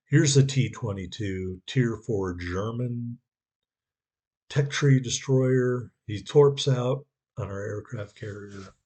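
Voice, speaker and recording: A man's voice: medium pitch, slow, pauses often, dark tone. A man giving a sarcastic, wry voice-over commentary on his own gameplay.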